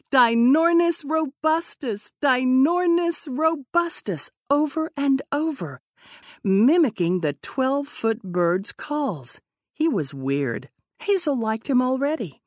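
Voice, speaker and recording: A woman narrating an audiobook in a measured, expressive way. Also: mid-range voice, no room sound, studio quality.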